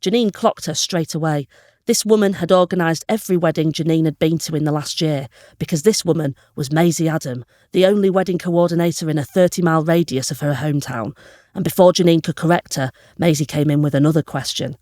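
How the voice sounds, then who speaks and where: A woman comedian reading aloud her own comic story, telling it with lively energy and bursts of laughter. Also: low voice, a little fast, dry recording, clean studio sound.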